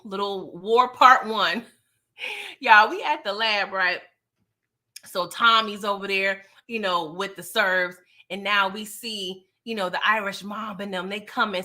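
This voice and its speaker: A woman casually recapping a TV series, acting out the characters' lines with lots of laughs. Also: medium pitch. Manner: animated, acts out characters' lines, laughs often. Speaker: TV recap YouTuber.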